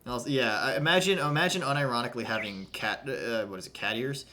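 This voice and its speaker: A man's voice: medium pitch, fast, few pauses, pushed and bright, slight background noise. A man streaming a game, chatting casually in a rambling, profane way with lots of fillers. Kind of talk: casual livestream chat. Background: game music.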